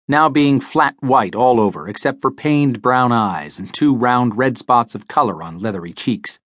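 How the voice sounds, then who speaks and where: A man narrating a noir crime novel in a measured, dry storytelling manner. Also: medium pitch, fairly bright tone, no room sound. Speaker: audiobook narrator. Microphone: close studio mic.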